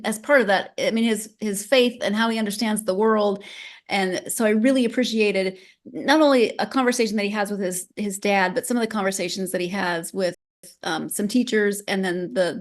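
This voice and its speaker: Chatty woman podcast host. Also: medium pitch. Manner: chatty, with frequent restarts and laughs. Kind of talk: casual interview.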